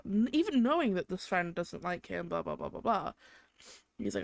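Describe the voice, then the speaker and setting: A woman's voice: lowish voice, very animated, moderate pace, gravelly, dry recording. Young woman ranting, dry close mic. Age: young adult. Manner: exaggerated, swears constantly, vents about her boyfriend. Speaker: podcast host. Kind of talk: ranting solo podcast.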